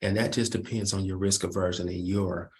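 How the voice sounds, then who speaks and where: A man's voice: sits low, level tone, brisk, a little mellow. A man leading a trading lesson over his charts, asking rhetorical questions and answering them himself. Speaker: trading instructor. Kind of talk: screen-share market recap lesson.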